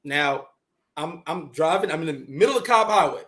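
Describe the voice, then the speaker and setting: A man hosting a casual talk show, telling a personal story in an animated way, repeating words and acting out his own shouting. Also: fairly high pitch, moderate pace, a little hiss or hum, low-quality recording. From New York. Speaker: podcast host.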